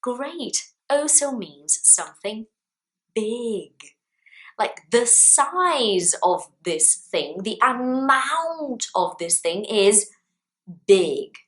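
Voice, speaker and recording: A woman teaching English vocabulary to camera in a clear, deliberate way, with playful example sentences. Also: on the high side, very animated, a bit bright.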